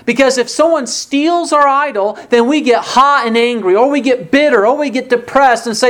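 A man preaching a sermon, reading scripture aloud and asking rhetorical questions, his pitch jumping up for emphasis. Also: normal speed, hardly any pauses, a bit bright. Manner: pitch rises sharply for emphasis.

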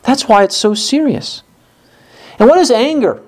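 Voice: mid-range voice, lively intonation, measured pace, a little mellow. A pastor preaching a sermon in an earnest, emphatic way, often repeating words to stress a point.

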